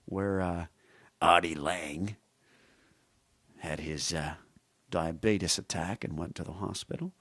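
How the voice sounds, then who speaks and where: A man's voice: fairly low pitch, dry recording. A man, a comedian guest on a podcast, chatting casually and joking, slipping into impressions. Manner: joking, playful, slips into impressions.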